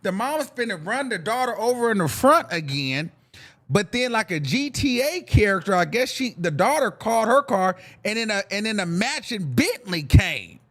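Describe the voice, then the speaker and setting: A young adult man hosting a podcast, telling a rambling, profane, animated story in casual talk and acting out the voices in it. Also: high voice, moderate pace. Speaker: podcast host.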